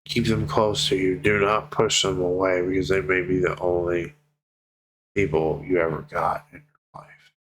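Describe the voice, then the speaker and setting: A man with a very deep, low voice talks straight to his viewers in a personal vlog. He sounds tearful and heartfelt, swearing freely as he slows down to press each plea home. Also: flat delivery, fairly bright tone, slight background noise, low-quality recording. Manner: heartfelt, swears freely, slow pleading emphasis. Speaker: vlogger.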